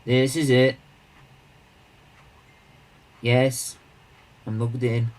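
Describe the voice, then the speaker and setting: A man hosting a charity live stream, talking straight to viewers in a loose, rambling way. His pitch sits in the middle for a man. He greets people by name, banters, and restarts his sentences as he goes, close to a desk mic. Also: level tone, drawn-out words, darkish tone, rough recording. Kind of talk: casual live-stream chat.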